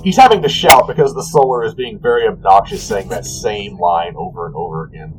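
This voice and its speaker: A man narrating as game master in a casual, animated way, often saying "like". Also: lowish voice, fairly quick, soft background music, rough recording.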